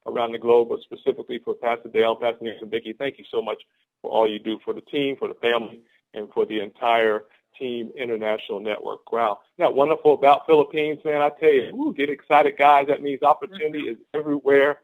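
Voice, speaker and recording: A man's voice: mid-range voice, steady tone, fast talker. Hyped-up man on a phone call. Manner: exuberant, repetitive, laughs often. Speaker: guest speaker on a team conference call. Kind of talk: motivational pep talk. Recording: phone-line conference call.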